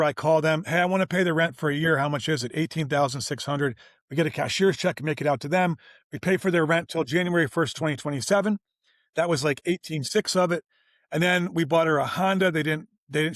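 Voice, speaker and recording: A man telling a story informally on an interview show, animated and slangy, voicing everyone he quotes. His voice sits a bit higher than most men's. The recording is close and dry, with no room sound. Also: no room sound. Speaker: guest, business owner.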